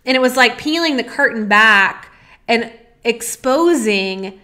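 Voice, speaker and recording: Earnest bright-voiced woman podcaster. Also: a little high, expressive, measured pace. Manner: earnest and emotional, building to pleas. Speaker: podcast host. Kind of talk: personal monologue.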